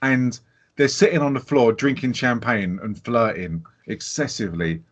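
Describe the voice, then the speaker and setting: A man co-hosting a podcast, chatting casually about a film, animated and laughing, swearing freely. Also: mid-range voice, moderate pace. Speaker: podcast co-host. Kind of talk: casual film review chat. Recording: dull lo-fi sound.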